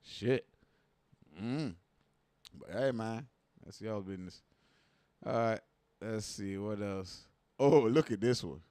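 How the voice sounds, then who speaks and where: A man's voice: lowish voice, takes it slowly, long pauses, dark tone, clean tone, no echo. A man hosting a livestream, reacting to viral clips in casual, slangy, profane talk full of rhetorical questions.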